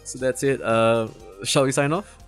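A man's voice: mid-range voice, fairly even intonation, moderate pace, soft background music. A man co-hosting a podcast in casual chat, rambling, swearing and laughing often. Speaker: podcast co-host.

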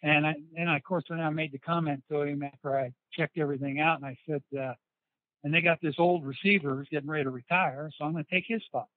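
Speaking fast in a fairly high, steady voice, a former football player shares stories as a guest in a casual interview. His anecdotes ramble, with lots of restarts and quoted dialogue. The recording is dry and tinny like a phone, with no echo.

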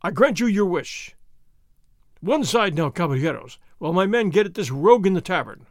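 A man's voice: sits high, very animated, moderate pace, dry recording, clean studio sound. A man voicing a pompous, flustered governor who blusters and pleads.

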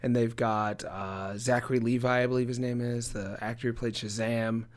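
A man co-hosting a casual comedy chat, relaxed, letting his sentences trail off softly. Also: mid-range voice, moderate pace. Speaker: podcast co-host.

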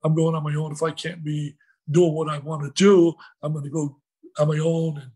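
An older man, a former coach, telling emotional stories with lots of quoted dialogue in an excitable way. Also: a little high, normal speed, breathy edge. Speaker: guest, former basketball coach. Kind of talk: animated storytelling.

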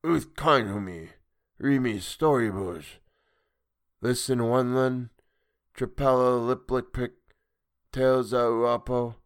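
A man's voice: medium pitch, dry recording, clean studio sound. A man voicing a lisping fish-man sea ghost. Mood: slow, halting. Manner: slow, broken speech with a lisp. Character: hulking male fish-man sea ghost, cold and menacing.

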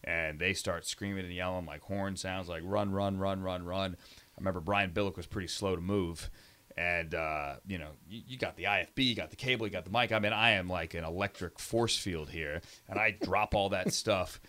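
A man in his forties, a sports broadcaster chatting as an interview guest, animated and telling stories with quick restarts. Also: low voice, no room sound. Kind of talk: casual interview chat.

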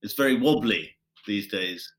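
A man's voice: lowish voice, normal speed, a bit bright, rough recording. A British man hosting a podcast, chatting in a casual, teasing and wry way with his guest. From Britain. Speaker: podcast host.

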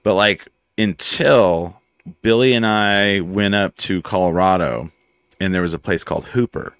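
A man hosting a casual chat show, telling stories in an animated, filler-heavy way. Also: low-pitched, a little slow, clear, resonant tone, dry recording, clean studio sound. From near West Texas. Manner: animated storyteller, many fillers. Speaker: host.

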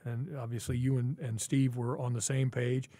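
A man in his sixties, a former football player, co-hosting a podcast and swapping old team stories in an animated, chatty way. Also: medium pitch, moderate pace, no room sound. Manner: reminiscing, animated, with asides. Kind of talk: casual storytelling chat.

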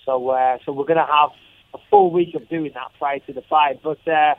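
A man's voice: fairly high pitch, wildly swooping pitch, normal speed, creaky, no room sound. A man, a fighter calling in for a casual interview, swearing freely and joking in an upbeat way. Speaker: fighter guest on the phone. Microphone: phone. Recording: tinny phone line.

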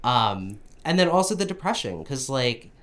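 A laid-back man with a Southern US accent, talking through a recovery podcast in a loose, drawling way. His pitch swings up and down a lot, and he often trails off into fillers. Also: sing-song, moderate pace, fairly bright tone. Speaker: podcast host. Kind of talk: casual recovery podcast chat.

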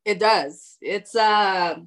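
A woman guest in a casual interview, relaxed and easygoing with many fillers. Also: medium pitch, extremely slow. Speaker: guest athlete.

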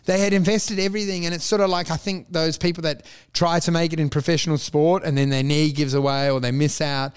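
A man's voice: on the high side, flat delivery, fairly quick, few pauses, clean tone. A man, rambling and swearing as he tells stories in casual banter. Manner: rambling storyteller, swearing, laughing.

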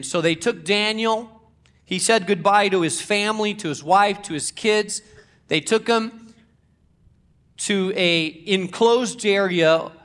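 A male pastor preaching a sermon with dramatic storytelling, swinging from loud declarations to hushed asides. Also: sits high.

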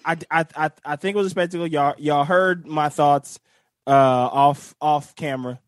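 A man in casual chat, excitable, stumbling over repeated words and joking in big exaggerations. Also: a little high, moderate pace, dry recording, clean studio sound. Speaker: guest commentator.

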